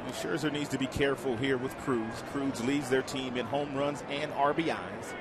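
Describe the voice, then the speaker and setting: A man giving baseball color analysis from a stadium booth, explaining pitches in a coaching tone. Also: steady tone, moderate pace. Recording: broadcast with loud stadium crowd and noise. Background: loud ballpark crowd.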